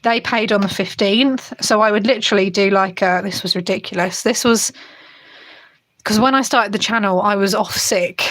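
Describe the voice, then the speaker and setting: A woman's voice: mid-range voice, fairly bright tone. A young woman hosting a budgeting channel, chatting casually to camera in a rambling way with many fillers and restarts.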